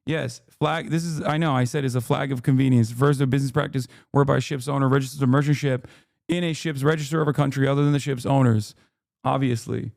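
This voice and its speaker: A man's voice: mid-range voice, steady tone, fast, gravelly, darkish tone, no room sound, clean studio sound. A man hosting a livestream, losing his voice, giving heated, profane and exasperated reaction commentary into a desk mic. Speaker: livestream host.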